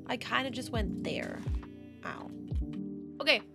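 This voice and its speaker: A woman giving casual, chatty gameplay commentary, easily excited and gasping at new finds. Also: on the high side, unhurried. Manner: chatty, excitable, gasps at discoveries. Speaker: Minecraft gaming creator. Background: background music.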